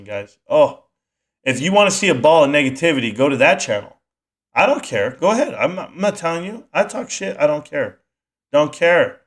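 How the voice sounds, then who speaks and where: A man's voice: mid-range voice, fairly bright tone. A man hosting a casual live stream, rambling animatedly and answering his chat as he goes.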